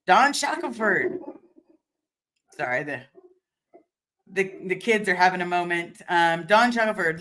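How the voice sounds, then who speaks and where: A woman's voice: on the low side, expressive, measured pace, pauses often, fairly bright tone. Chatty candid woman streaming from home. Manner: candid and chatty, swearing, many fillers and restarts. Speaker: livestream host answering viewer comments. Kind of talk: casual livestream chat.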